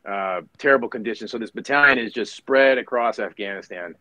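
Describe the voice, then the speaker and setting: A man's voice: medium pitch, a little fast, dry recording, poor audio. A middle-aged man, a retired Marine officer, telling war stories as a podcast guest, acting out other people's lines, swearing casually, with lots of fillers and restarts. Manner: animated storyteller who acts out others' lines, many fillers and restarts. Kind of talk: storytelling interview.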